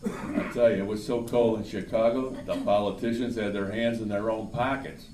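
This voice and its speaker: A man speaking at an insurance seminar, telling folksy jokes and then explaining products in a brisk sales manner. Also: on the low side, fairly even intonation, heavy background noise. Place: seminar room at a breakfast event. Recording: roomy hall from far off, faint ambience.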